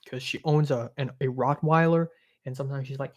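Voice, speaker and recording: A man's voice: medium pitch, fairly even intonation, fairly quick. Young male streamer, exasperated and sweary, sarcastic casual rant. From Hong Kong. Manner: profane, exasperated, sarcastic ranting. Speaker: live streamer.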